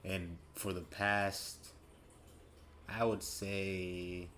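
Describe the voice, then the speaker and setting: A podcast host in his late twenties speaks very slowly in a low, level, slightly bright voice, with a little background noise. Hosting his own show, he muses casually, rambling and correcting himself as he works through his thoughts out loud.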